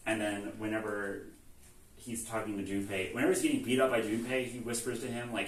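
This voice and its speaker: A man's voice: fairly low pitch, moderate pace, fairly bright tone, a little hiss or hum. A man casually recapping a game's story, rambling with lots of "like" and swearing, and acting out the lines. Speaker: host recapping a video game series. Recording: echoey room, far from mic, faint ambience.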